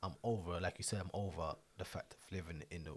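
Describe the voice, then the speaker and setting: Deep-voiced podcast host. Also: male voice, steady tone, fast talker. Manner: earnest, emphatic, repeats himself. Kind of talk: casual podcast talk.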